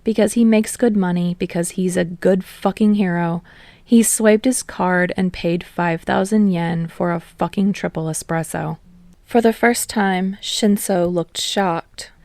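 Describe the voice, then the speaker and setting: A woman reading fan fiction aloud in steady storytelling narration. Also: medium pitch, no echo. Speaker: podfic reader.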